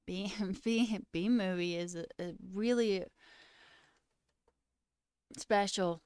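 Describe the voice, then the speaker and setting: A woman's voice: medium pitch, slow, long pauses, a little mellow, smooth, no echo. Brief: woman streamer, casual viewer chat, giggly, slips into whispers, dry close mic. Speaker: livestream host.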